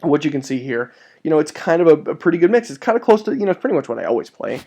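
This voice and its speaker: A man talks through a tabletop wargame battle report with a mellow, warm tone. He is casual and excitable, with his pitch jumping upward when something impresses him and casual swearing mixed in. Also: rapid-fire.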